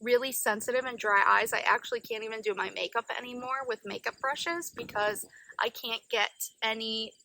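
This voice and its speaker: A woman's voice: on the high side, moderate pace, gravelly, pushed and bright, a little hiss or hum, poor audio. A woman co-hosting a podcast in a casual, rambling chat full of fillers. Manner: chatty, rambling with many fillers. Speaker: podcast co-host.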